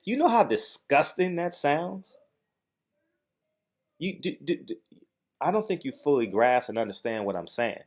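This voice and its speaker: A man's voice: a little high, sing-song, a little slow, pauses often, a little mellow. Agitated man ranting emphatically. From United States. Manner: agitated, emphatic, repeats phrases for stress. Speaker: boxing commentator, channel host. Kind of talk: heated commentary vlog.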